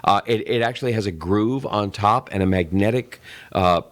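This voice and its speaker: A middle-aged man with a very low voice talks through an idea on a casual podcast. He rambles and restarts, acting out little sales pitches as he goes. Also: moderate pace. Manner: rambling, explains with acted-out sales examples. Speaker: tech show co-host.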